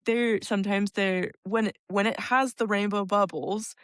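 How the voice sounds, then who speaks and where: A young woman chats on a casual podcast, giggling often and scattering fillers through her speech. Her voice sits at a middle pitch and sounds dry and close to the mic. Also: fairly even intonation, normal speed, clean tone, dry recording. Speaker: podcast co-host.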